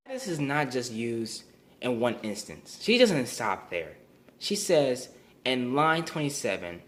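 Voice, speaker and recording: A man's voice: mid-range voice, big pitch swings, unhurried, fairly bright tone, slight background noise. A young man giving a recorded class presentation, earnest and explanatory, often restarting and repeating words. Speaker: student presenter.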